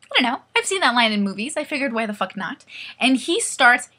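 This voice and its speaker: A woman in her twenties telling a comic story to camera in a lively, profane way, acting out the people she quotes. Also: fairly high pitch, a little fast, slightly rough. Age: 20s. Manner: animated, profane, acts out quoted voices. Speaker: vlogger. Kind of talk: comedic storytelling vlog.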